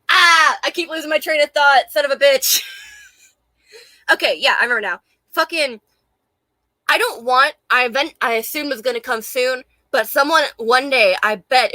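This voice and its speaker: A woman's voice: high voice, pushed and bright, dry recording. A young woman from Charleston with a light Southern accent, ranting casually to camera with lots of laughter and swearing, hot and a little out of breath. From Charleston, South Carolina. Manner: profane, laughing often, rambling and emphatic. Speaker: vlogger.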